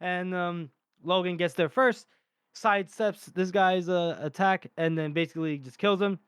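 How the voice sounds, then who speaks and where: A man co-hosting a casual book podcast, telling the story in a loose, rambling way, full of laughs and the odd swear. His voice sits fairly high and sounds smooth and clean. The sound is close and dry, with no room around it. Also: steady tone, normal speed, a bit bright, no echo. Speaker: podcast co-host. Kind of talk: casual book-discussion chat.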